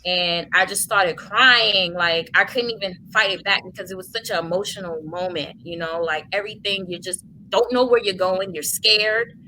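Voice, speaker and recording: A woman's voice: medium pitch, normal speed, few pauses, sharp tone, slight background noise, rough recording. A woman, a guest in an interview, telling a heartfelt personal testimony in colloquial speech with many fillers.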